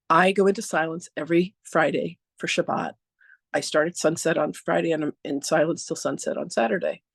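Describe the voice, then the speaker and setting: A woman hosting a talk, introducing her guest through a chatty, animated story and often laughing. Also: lowish voice, creaky, slightly rough, no echo, clean studio sound. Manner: animated, acts out dialogue with "I'm like".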